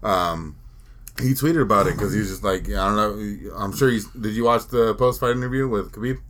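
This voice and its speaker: A man's voice: on the low side, moderate pace, fairly bright tone, slight background noise. A man hosting a casual podcast chat, profane and opinionated, often laughing.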